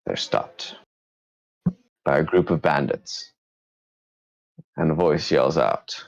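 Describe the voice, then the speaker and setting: A man's voice: low-pitched, muffled recording. A man narrating as game master, setting scenes for a tabletop game.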